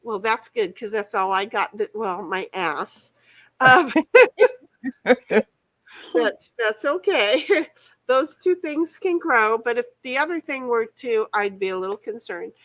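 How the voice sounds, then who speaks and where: A woman's voice: a little high, slow pace, fairly bright tone, low-quality recording. A woman hosting a game stream in casual chat, rambling and playful, laughing and swearing freely. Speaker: streamer host.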